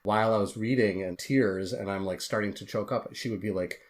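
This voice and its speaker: A man's voice: fairly low pitch, fairly even intonation, brisk. A man, a guest author on a podcast interview, telling his story in an earnest, heartfelt way.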